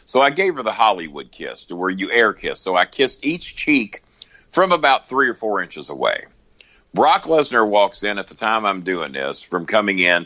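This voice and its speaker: A low-voiced man spins a profane, animated yarn as a podcast guest. His tone is bright and his pitch swings widely as he acts out both sides. The audio is dry and a little dull, like a lo-fi recording. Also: no echo. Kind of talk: casual storytelling.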